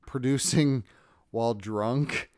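A man co-hosting a casual podcast, drunk, loud and crude, laughing often. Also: mid-range voice, slow, no echo, clean studio sound. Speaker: podcast co-host. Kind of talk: casual chat.

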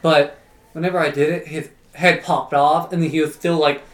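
A man's voice: on the high side, level tone, normal speed. A man guesting on a casual podcast, speaking in a laid-back, somewhat hesitant way.

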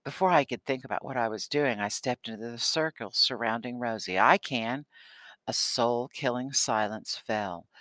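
Male storybook reader: bright, forceful tone, measured delivery, dry close sound. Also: medium pitch, no room sound. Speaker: audiobook narrator. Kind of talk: scripted first-person story narration.

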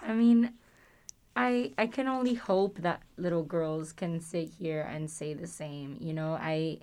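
A woman's voice: deep voice, measured pace, dark tone. Chatty young woman hosting a podcast. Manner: chatty, playful, lots of fillers. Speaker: host. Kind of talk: casual podcast chat.

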